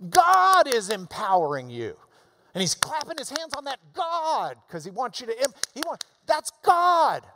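A man preaching a sermon in a church. He talks emphatically, swinging between loud urging and quiet asides. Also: very high voice, wildly swooping pitch, normal speed, noisy background. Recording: long reverb of a large hall.

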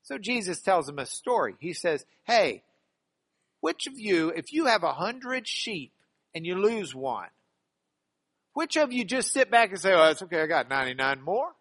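Bright-voiced, high-pitched male preacher. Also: unhurried. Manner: lively, acts out Bible quotes with humor. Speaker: pastor. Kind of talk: sermon.

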